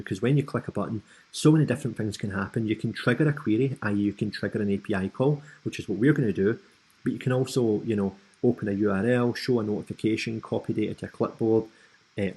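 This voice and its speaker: Scottish male tutorial host, lowish voice, a bit husky, relaxed and chatty with lots of ums. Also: rough recording. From Scotland. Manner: casual and friendly, with frequent ums and asides. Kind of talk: screen-recorded software tutorial.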